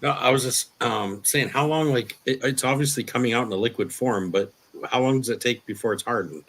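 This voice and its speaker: A man chatting casually with a friend, telling easygoing stories and laughing softly. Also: medium pitch, brisk. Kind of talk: casual chat.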